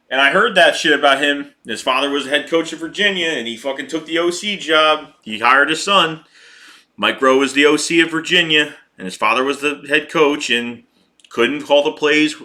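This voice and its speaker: A man's voice: fairly high pitch, pushed and bright. Fired-up man ranting about football. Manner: heated, profane, repeats himself. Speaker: sports podcast host reading chat. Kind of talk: casual fan rant.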